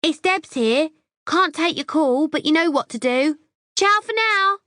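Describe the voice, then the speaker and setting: A woman reading an audiobook, putting on the voice of a bubbly, airheaded young woman flatmate who talks high and gushing. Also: measured pace, no room sound, studio quality. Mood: chirpy.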